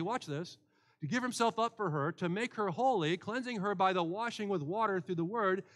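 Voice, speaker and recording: A high-voiced man preaches a sermon to his church. He speaks earnestly as pastor and often restarts his phrases as he builds a point. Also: fairly bright tone.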